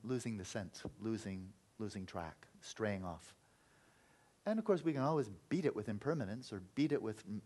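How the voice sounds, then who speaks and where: A man's voice: mid-range voice, darkish tone, slightly rough. A man teaching meditation in an earnest, reflective Buddhist talk, sometimes acting out inner voices.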